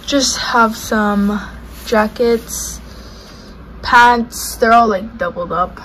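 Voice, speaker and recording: A young woman walks through her dorm room, listing her belongings in a relaxed, offhand vlog voice. She speaks slowly and sits a little high in pitch. Steady background noise hangs under the recording. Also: low-quality recording. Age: young adult. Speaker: vlogger. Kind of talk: casual room tour narration.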